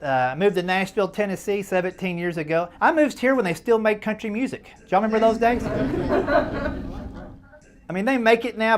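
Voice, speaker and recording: A man doing stand-up comedy, folksy and self-deprecating, chatting with the crowd as he tells stories. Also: fairly high pitch. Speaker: stand-up comedian at a charity dinner.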